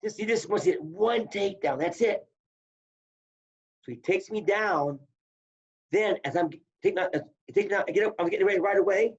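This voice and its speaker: A man, a former wrestler and coach, telling stories in casual chat, animated and acting out the people he quotes. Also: high-pitched, a little fast, long pauses, slightly rough. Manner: animated, acts out quoted voices, repeats words. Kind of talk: casual storytelling. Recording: muffled lo-fi audio.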